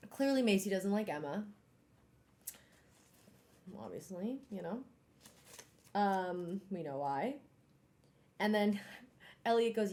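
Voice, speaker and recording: A young woman streams a casual book club, reading passages aloud and breaking off to chat about them. She talks in an animated, expressive way, swears without a second thought and laughs easily. Her pitch sits in an ordinary middle range. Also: slow pace, long pauses.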